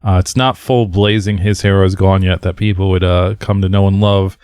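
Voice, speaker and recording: A man's voice: low voice, moderate pace, clear, resonant tone, no echo, clean studio sound. A man co-hosting a podcast, chatting casually about a punk record with lots of fillers and easygoing asides. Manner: relaxed, rambling, frequent fillers and laughs. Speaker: podcast co-host. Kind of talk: casual record-review chat.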